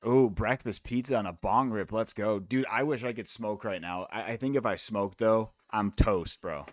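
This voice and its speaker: A man's voice: on the low side, moderate pace, no echo, studio quality. A man from the United States hosting a live fight watch-along stream, talking in a laid-back, rambling, profane way. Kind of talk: casual chat.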